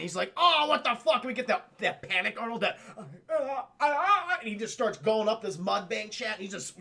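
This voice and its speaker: A man's voice: high-pitched, gravelly, bright, forceful tone, slightly rough. A man recapping a film scene by scene for his live chat, laughing, swearing and acting out the characters' lines. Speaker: streamer reviewing a film.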